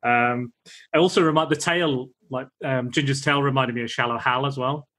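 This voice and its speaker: A man's voice: mid-range voice, fairly even intonation, bright, forceful tone. A man hosting a podcast in casual film chat, rambling and acting out lines from the movie. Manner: rambling, acts out film lines in quick voices. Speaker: podcast host.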